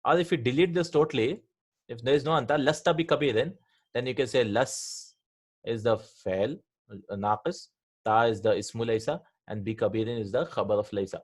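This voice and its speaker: Man teaching grammar with constant "right?". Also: mid-range voice. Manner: patient, checks in with "right?" and "hmm?", repeats forms slowly. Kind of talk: explaining grammar to students.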